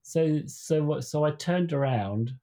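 A man's voice: fairly high pitch, lively intonation, a little slow, mellow. A man co-hosting a podcast, telling a long story in a rambling, casual way with many restarts. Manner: rambling storyteller, acts out quoted voices. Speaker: podcast co-host. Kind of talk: casual chat.

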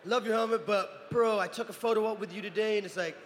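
A man's voice: high-pitched, fairly even intonation, fast, slight background noise, natural voice. A man voicing a tipsy, easygoing young male fan who talks in slangy bro speech, in a convention hall. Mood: excited.

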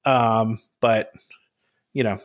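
A man's voice: fairly low pitch, fairly even intonation, extremely slow, highs cut off. Chatty man hosting a podcast. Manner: chatty, says "right?" and "you know" a lot. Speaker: podcast host. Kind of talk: casual chat.

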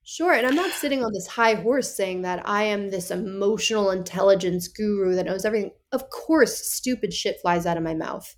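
A woman's voice: mid-range voice, moderate pace, few pauses. A young woman guest on a podcast, talking candidly and playfully, acting out little quotes as she goes. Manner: animated, playful, acts out quoted texts.

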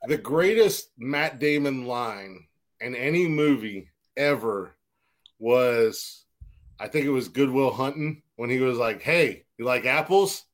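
A man's voice: mid-range voice, slow. A man hosting a casual podcast, crude and teasing, joking around with his co-host. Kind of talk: casual chat.

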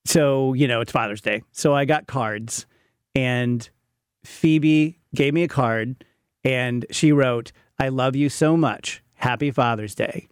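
A man in his fifties with a medium-pitched, clear, resonant voice talks slowly and candidly as a podcast co-host. In this casual chat he mocks himself while telling stories, captured in a clean, dry studio recording.

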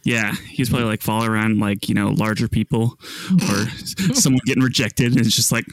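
A man's voice: lowish voice, little pitch movement, fast, dry recording. A man co-hosting a casual podcast, making wry, sarcastic jokes on a close mic. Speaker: podcast co-host.

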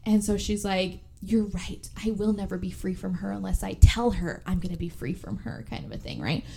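A woman's voice: mid-range voice, fairly quick, vocal fry, a little mellow, slightly rough. A woman co-hosting a podcast, recapping a movie in casual chat, acting out the characters' lines and swearing freely. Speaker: podcast co-host.

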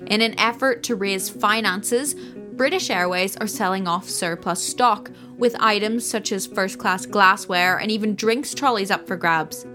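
A woman co-hosting a comedy news podcast, reading scripted headlines with crisp, punny delivery. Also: mid-range voice, a little slow, bright, forceful tone, faint music behind.

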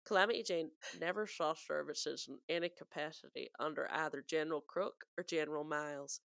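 A woman voicing a gruff American frontier man with a put-on Southern drawl and a slow, deliberate delivery. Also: low-pitched, fairly bright tone, dry recording. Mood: stern.

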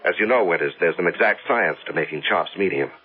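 Husband, male, anxious, expressive, vintage radio-drama tone. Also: low-pitched, fast, soft background music. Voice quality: husky, earnest. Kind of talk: 1970s radio drama acting. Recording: tinny old radio broadcast.

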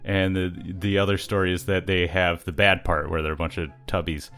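A man with a very deep voice chatting casually as a podcast co-host. He rambles with frequent uhs and breaks into quick laughs. Faint music runs underneath. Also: level tone, fairly bright tone. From Canada. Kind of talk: casual chat.

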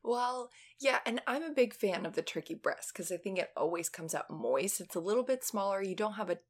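A young woman co-hosting a casual chat podcast, excitable and gushing, often giggling. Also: medium pitch, a little fast. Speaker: podcast co-host.

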